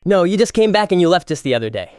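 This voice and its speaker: A man playing a stern, fast-talking household head. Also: high-pitched, big pitch swings, darkish tone, smooth, no room sound, studio quality. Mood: arguing. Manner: scolding, argumentative. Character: stern man heading a rural family household. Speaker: elder brother and head of the household. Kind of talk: village family drama acting.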